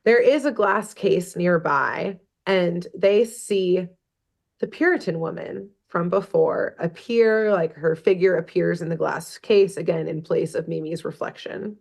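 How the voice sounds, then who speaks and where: A woman's voice: fairly low pitch, measured pace, vocal fry, a little mellow. A woman podcast host casually retelling a cartoon episode, laughing often and swearing offhandedly. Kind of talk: casual chat.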